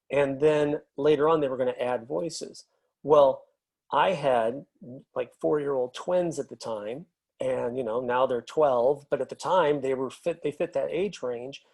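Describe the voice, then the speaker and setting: A man's voice: medium pitch, a little slow. Middle-aged man telling easygoing anecdotes. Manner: relaxed storyteller, many fillers. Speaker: film and TV editor, guest. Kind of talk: casual interview anecdotes.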